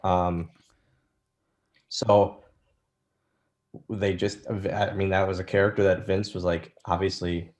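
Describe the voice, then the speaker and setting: A man's voice: low voice, unhurried, dull audio. A man in his thirties, a guest on an interview, telling stories casually and acting out the lines people said to him. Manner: animated storyteller, acts out quoted lines. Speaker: interview guest, former wrestler.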